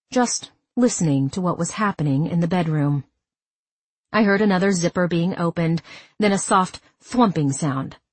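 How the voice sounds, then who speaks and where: A woman narrating a first-person story in a measured, even delivery. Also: on the low side, husky, no echo. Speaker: audiobook narrator.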